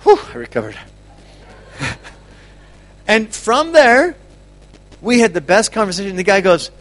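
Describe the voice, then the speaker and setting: A man giving an energetic teaching talk to a group, laughing often and repeating words as he goes. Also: sits high, unhurried, long pauses. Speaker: ministry speaker.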